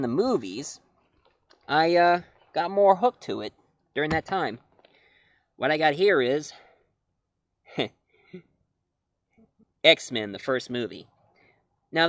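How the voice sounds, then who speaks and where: A man's voice: on the high side, dry recording. Rambling man reviewing comics, dry sound. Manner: rambling, self-correcting, chuckling. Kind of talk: casual talk-to-camera review.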